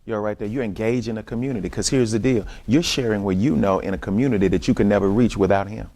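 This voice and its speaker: A man with a Southern US accent leading a church community-engagement workshop, teaching in a lively preacher style and talking straight to the room. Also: lowish voice, quick pace. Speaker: workshop leader. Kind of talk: church community training talk.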